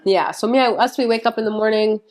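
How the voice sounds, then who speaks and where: A woman from Montreal hosting a podcast, chatting casually with blunt, profane, animated storytelling. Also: on the high side, quick pace. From Montreal, Canada. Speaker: podcast host.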